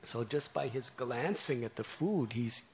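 A man preaching, telling a devotional story to a congregation with gentle, animated delivery. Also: medium pitch, a little slow, highs cut off, a little hiss or hum.

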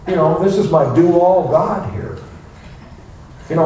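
A man with a fairly high, warm voice gives an informal scripture class, speaking slowly and pausing often. Folksy and playful, he asks rhetorical questions and acts out quotes, recorded by a distant mic in an echoey room with faint noise.

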